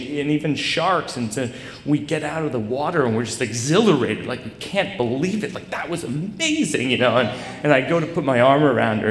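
A man telling a personal story to a live audience with a rambling, self-deprecating delivery full of halting restarts. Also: medium pitch, fairly bright tone, slight background noise. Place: stage in a large hall. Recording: echoey live hall recording.

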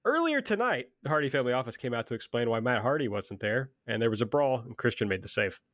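A man's voice: medium pitch, very animated, fast, a bit bright, no room sound, clean studio sound. A man co-hosting a casual wrestling podcast, talking heatedly and swearing freely. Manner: profane, heated, fired up. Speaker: podcast co-host. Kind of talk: casual wrestling recap chat.

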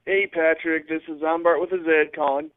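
A man's voice: fairly high pitch, steady tone, normal speed. A man calling in to a podcast, rambling hesitantly with many stumbles and restarts. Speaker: caller. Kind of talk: rambling phone call. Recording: tinny dry phone line.

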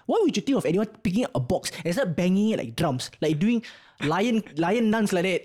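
A young man with a Singaporean English accent, co-hosting a podcast and telling stories in a casual, animated way, swearing freely. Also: sits high, a little fast, few pauses. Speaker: podcast co-host. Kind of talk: casual storytelling chat.

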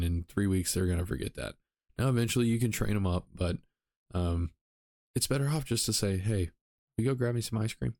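A man's voice: deep voice, a little mellow, no echo, studio quality. A man hosting a solo podcast, talking casually with frequent ums and self-corrections. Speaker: podcast host.

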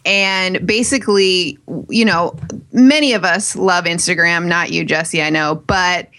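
Brief: woman podcast host, chatty and self-mocking, bright voice. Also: fairly low pitch, measured pace. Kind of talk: casual chat.

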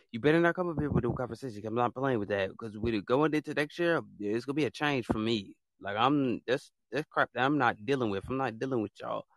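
Guy on his podcast going off, fed up and blunt, repeats himself a lot, slangy, dry mic, mid pitch. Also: dry recording. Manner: casual slangy speech. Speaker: podcast host. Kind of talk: ranting monologue.

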